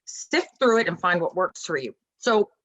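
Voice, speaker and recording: A woman guest in a casual interview, talking about parenting in an animated, emphatic way and acting out little dialogues. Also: fairly low pitch, moderate pace, dull audio, slight background noise.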